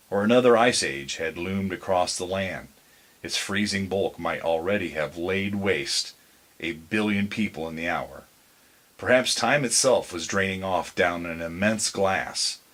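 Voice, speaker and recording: A man reading a spooky bedtime story in a low voice. He takes his time, measured and deliberate, letting each sentence settle. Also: fairly bright tone. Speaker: narrator.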